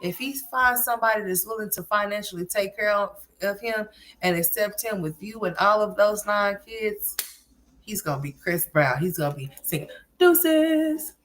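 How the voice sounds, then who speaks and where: A woman's voice: mid-range voice, moderate pace, a bit bright, slight background noise. A woman hosts a casual commentary livestream. She rants in a sassy, scolding tone and keeps calling people girl.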